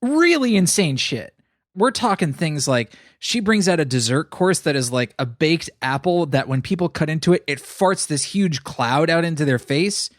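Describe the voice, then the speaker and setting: Expressive, lively-pitched podcast co-host. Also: male voice, normal speed, no echo, studio quality. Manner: expressive, blunt, swears casually. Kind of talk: casual movie review chat.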